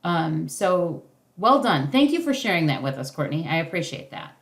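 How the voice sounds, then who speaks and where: A woman's voice: low-pitched, very animated, moderate pace. Encouraging woman leading a parenting class. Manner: encouraging, loose with many restarts and fillers. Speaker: parenting workshop facilitator.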